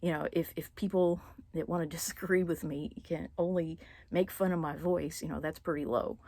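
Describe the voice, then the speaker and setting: Low-voiced woman, halting and close to tears. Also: steady tone, creaky, darkish tone, no room sound. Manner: halting, many fillers, drops into whispers. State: holding back tears. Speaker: vlogger. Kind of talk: personal confessional vlog.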